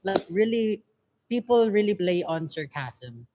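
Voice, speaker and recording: A man's voice: sits high, very animated, a little slow, a little mellow. A man with a Filipino accent, explaining his point in a casual livestream chat and chiming in to finish others' thoughts. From Philippines. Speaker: music group member on a livestream.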